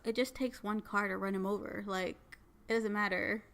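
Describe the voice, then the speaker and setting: Bright-voiced woman telling a funny story. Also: mid-range voice, normal speed. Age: young adult. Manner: animated storyteller, laughing at herself. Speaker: podcast co-host. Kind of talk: casual storytelling chat.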